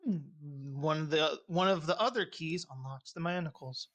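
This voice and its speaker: A game master narrating a tabletop game in a casual, halting way, with plenty of fillers. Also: medium pitch, a bit bright.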